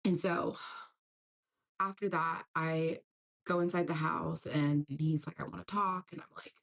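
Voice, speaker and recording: A woman's voice: deep voice, steady tone, unhurried, creaky. A young woman candidly telling a painful personal story, getting emotional at the hardest parts. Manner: candid, breaks into tearful emotion at hard moments. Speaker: storyteller recounting a breakup.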